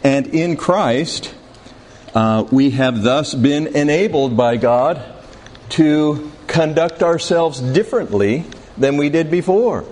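A man teaching a Bible class, speaking deliberately and putting questions to his students in a room with a board. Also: on the high side, animated, darkish tone. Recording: reverberant hall, faint background noise.

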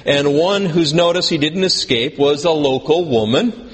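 A man's voice: on the high side, a little slow. A male pastor delivers a conversational sermon, asking his congregation questions and adding dry, self-deprecating asides. His voice carries a long reverb from the hall. A faint hiss stays under it.

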